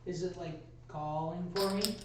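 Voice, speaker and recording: A man's voice: high voice, unhurried. A man playing a tabletop game, joking around and sometimes dropping to a whisper. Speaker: player. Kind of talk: casual tabletop play. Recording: echoey room, distant mic, loud noise.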